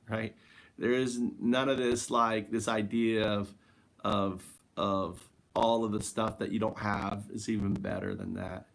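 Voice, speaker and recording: A man hosting a casual spiritual monologue, rambling and searching for words with many fillers, drifting quieter and slower at times. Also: fairly low pitch. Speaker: host.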